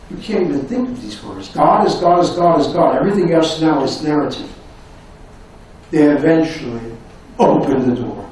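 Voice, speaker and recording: A man with a slightly high voice lectures with passion, firing rhetorical questions and dropping to near-whispers. He is picked up from far off in a very echoey university hall, with faint room noise behind him. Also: normal speed, darkish tone. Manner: dramatic, impassioned delivery with many rhetorical questions; voice sinks to near-whispers at emotional moments. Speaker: professor giving a lecture. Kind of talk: public lecture. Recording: echoey hall recorded from afar.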